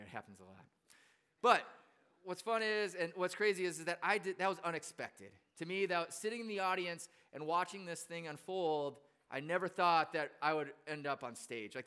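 With a fairly high, very bright voice that sounds clean and smooth, a pastor preaches a relaxed storytelling sermon. He's chatty and pokes fun at himself, filling his speech with fillers and easy restarts.

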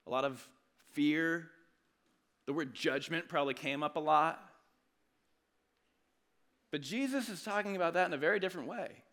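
A man delivers a sermon in a conversational, earnest way, restarting phrases as he goes. His voice sits high and sounds bright and forceful. He swings from loud emphasis to quiet, low asides. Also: animated, normal speed, long pauses. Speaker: pastor.

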